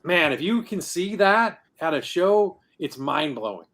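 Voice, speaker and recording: A man's voice: a little high, very animated, a little slow, fairly bright tone, faint music behind. A man talking as a guest on a podcast, telling how he founded a comic convention in an earnest, rambling way. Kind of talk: casual podcast interview.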